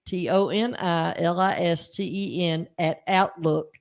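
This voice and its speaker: A man's voice: high voice, steady tone, a little slow, creaky. Dry, matter-of-fact older man. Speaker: co-host. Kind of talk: casual chat.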